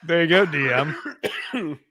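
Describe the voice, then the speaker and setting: Goofy male player, slightly high voice. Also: lively intonation, takes it slowly, background noise. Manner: goofy, joking in-character player. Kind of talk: playing a tabletop game.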